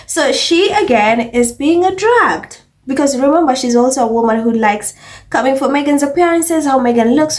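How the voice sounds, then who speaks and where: Woman commentator, casual and sarcastic, voice sits a bit high. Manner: chatty, animated, sarcastic asides. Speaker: commentary vlogger.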